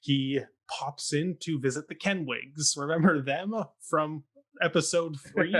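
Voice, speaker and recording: A man's voice: on the high side, a little slow, breathy edge. A young man co-hosting a talk show, recapping a stage play in a chatty, sarcastic way and mock-quoting the characters. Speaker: podcast co-host recapping a stage production. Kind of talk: casual chat.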